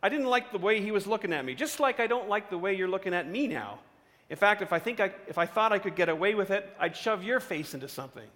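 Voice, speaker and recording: A sneering, defiant young schoolboy, put on by a male preacher telling a story. The voice sits high and bright. It rings with a long reverb off a large hall. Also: animated, fast talker. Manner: sneering, brash.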